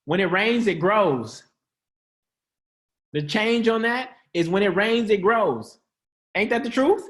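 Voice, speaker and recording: A man's voice: high-pitched, lively intonation, slow pace, a bit bright. A man hosting an upbeat motivational teaching session in a casual, slangy way, joking, laughing often and quizzing his listeners. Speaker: host of an online church-style teaching.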